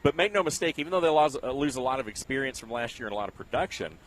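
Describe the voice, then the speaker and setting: Veteran male play-by-play man, fast and loose, mid-pitched, easy laugh. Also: expressive, a bit bright. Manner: easygoing, laughs often, rambling. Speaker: play-by-play announcer. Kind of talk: high school football commentary.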